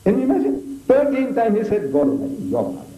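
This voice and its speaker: A man's voice: very high-pitched, sing-song, fast, dark tone. An older man from South Africa giving a public debate lecture, emphatic and full of rhetorical questions to the audience. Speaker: debate speaker. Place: large lecture hall. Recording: echoey hall, voice from a distant mic.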